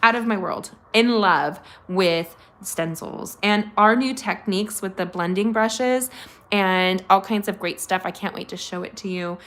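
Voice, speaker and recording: A woman's voice: medium pitch, a little slow, a bit bright. Middle-aged woman, craft host at home; bubbly and gushing, chats straight to her viewers. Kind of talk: chatty live craft tutorial.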